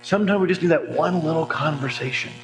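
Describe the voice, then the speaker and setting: A man's voice: fairly high pitch, fast talker, noisy background. A man in his forties, a financial coach teaching a church class in a conversational way, telling stories and acting out quoted voices with jokes. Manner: lively storyteller, acts out quoted voices, jokes. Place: church hall.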